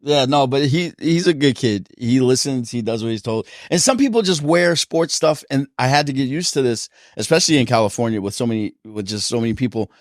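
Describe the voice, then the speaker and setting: Male podcast host, animated laughing storyteller, mid pitch, dry close sound. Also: fairly quick, hardly any pauses, no room sound. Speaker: podcast host and boxing gym coach. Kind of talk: casual podcast chat.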